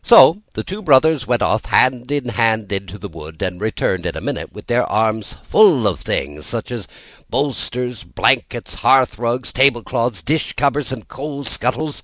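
A man narrating a children's storybook aloud in an expressive reading style. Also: medium pitch, measured pace, no room sound.

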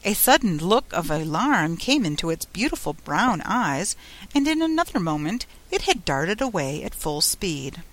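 Lively woman reading a storybook. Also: on the low side, normal speed. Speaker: audiobook narrator. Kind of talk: storybook narration.

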